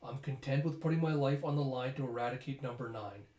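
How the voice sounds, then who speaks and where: A man voicing a stern, resolute older male commander in a manga reading, with slow, measured delivery. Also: mid-range voice, darkish tone, natural voice. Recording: roomy echo.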